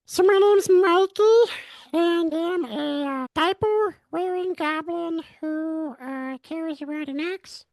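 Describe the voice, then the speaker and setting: A man voicing a diaper-wearing male goblin who carries an axe, in a high, squeaky put-on voice. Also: slow, long pauses, no room sound, full character voice. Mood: goofy.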